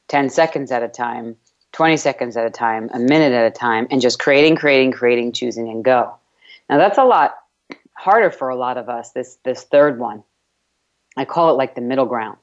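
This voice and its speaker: A woman's voice: very deep voice, highs cut off. A woman from New York with a slight New York accent, hosting a motivational radio talk show and stressing points by repeating words.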